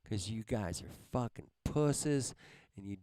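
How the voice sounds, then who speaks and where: Male livestream host, heated profane rant, smooth clear voice, dry close sound. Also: lowish voice, animated, measured pace, warm tone, no echo. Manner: heated, heavily profane, repeats "man". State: angry. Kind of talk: angry livestream rant at viewers.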